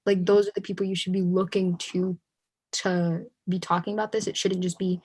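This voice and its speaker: A woman's voice: lowish voice, level tone, moderate pace, a little mellow, slightly rough. Young woman, youth panelist, emphatic, lots of "like", video call. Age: young adult. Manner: emphatic, many "like" fillers. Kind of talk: casual discussion.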